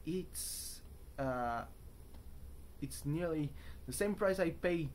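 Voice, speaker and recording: A man's voice: fairly high pitch, slow pace, a little mellow, slight background noise. Talkative young man rambling from a hotel room. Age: young adult. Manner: talkative, self-mocking, wandering off on tangents. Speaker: vlogger. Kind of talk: casual rambling vlog monologue.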